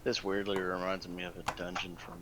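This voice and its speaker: A man's voice: sits low, flat delivery, fairly quick, noisy background. A man playing a tabletop game, chatting casually with rambling asides. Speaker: player.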